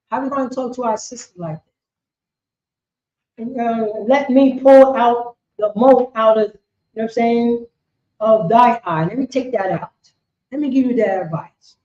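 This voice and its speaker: A woman preaching a street sermon on scripture, talking in an animated, repetitive way and often asking "you know what I'm saying". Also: a little high. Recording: echoey, dull lo-fi sound.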